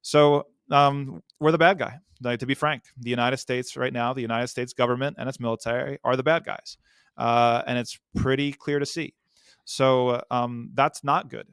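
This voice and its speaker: A man speaking as a podcast guest, answering in an earnest, measured way with some fillers. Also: medium pitch, steady tone, a bit bright, clean tone, dry recording, clean studio sound.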